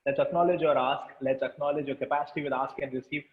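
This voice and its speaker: A man hosting an online webinar, chatting with guests and leading a calm, repetitive guided energy exercise over a video call. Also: mid-range voice, fast. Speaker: webinar facilitator. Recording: tinny call audio with room echo.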